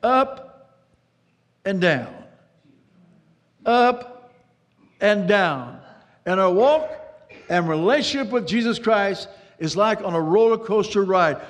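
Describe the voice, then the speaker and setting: A pastor preaches a dramatic sermon, repeating words and breaking into sudden bursts of speed. His voice is high, and a long reverb tail trails after it.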